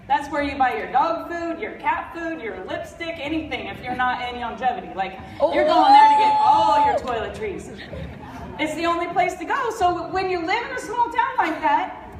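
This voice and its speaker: A woman's voice: sits high, background noise. A middle-aged woman giving a blunt, fired-up, jokey motivational talk from a convention stage, sounding stuffy and congested. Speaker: convention speaker. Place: large convention hall. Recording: roomy hall audio from far off.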